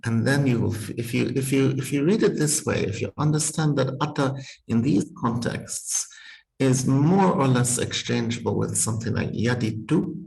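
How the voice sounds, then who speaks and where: A man's voice: medium pitch, moderate pace, vocal fry, a little mellow, poor audio. A man teaching as a university Sanskrit professor, thinking aloud with careful restarts and small laughs, talking over a video call. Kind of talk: university text-reading seminar.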